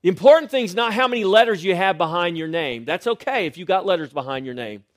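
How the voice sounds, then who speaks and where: A middle-aged male pastor preaching a sermon, swinging between loud rising lines and quiet, hushed refrains. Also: high-pitched, lively intonation, fast, no room sound, studio quality.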